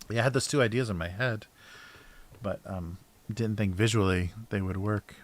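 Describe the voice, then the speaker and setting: A cartoonist talking casually to a livestream as he draws, often mumbling to himself and trailing off with soft laughs. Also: on the low side, moderate pace, a little hiss or hum. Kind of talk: casual chat while drawing.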